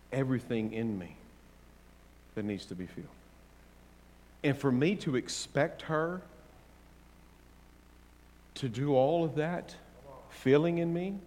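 A male pastor preaching a sermon, swinging between loud, fervent declarations and quiet, gentle counsel, with playful asides to the congregation. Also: medium pitch, big-room sound.

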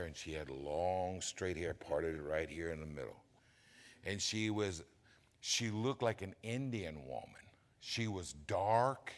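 An older man, preaching a sermon in a folksy, animated, humorous way. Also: sits low. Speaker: pastor. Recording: long hall reverb.

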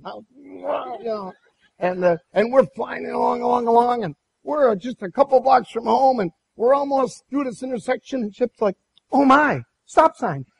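Preaching a sermon, a pastor animatedly recounts a personal story in a high voice with a husky edge, frequently restarting his phrases. The recording is low quality.

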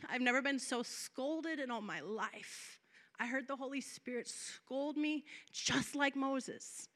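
A woman preacher delivering an impassioned sermon, moving between soft, drawn-out passages and loud, emphatic declarations. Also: medium pitch. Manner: acts out quoted prayers and dialogue.

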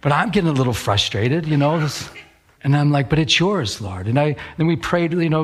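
A middle-aged male pastor preaching a sermon. He tells stories with animated quoted voices and slows down when he reads scripture. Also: fairly high pitch, husky. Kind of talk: sermon with storytelling.

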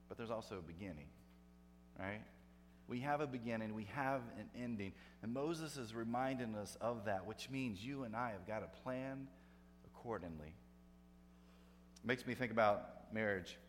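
A pastor giving a sermon, conversational, with emphatic rising bursts for effect. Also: male voice, fairly low pitch. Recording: long hall reverb, faint hum.

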